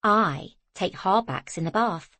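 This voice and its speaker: A woman voicing a lively young single mother in an audiobook, bright and animated. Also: mid-range voice, unhurried, no echo, full character voice. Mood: teasing.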